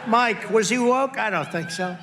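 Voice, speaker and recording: A man's voice: high voice, normal speed, a crowd in the background, background noise. A man giving an off-the-cuff rally speech from a stage, rambling, boastful and repetitive, mocking his rivals into a podium microphone. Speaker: political candidate at a rally. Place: stage at a political event.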